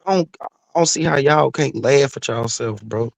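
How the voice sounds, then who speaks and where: Gravelly trash-talking livestream guest. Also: male voice, mid-range voice, moderate pace, no room sound, rough recording. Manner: brash, trash-talking slang. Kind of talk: casual livestream talk.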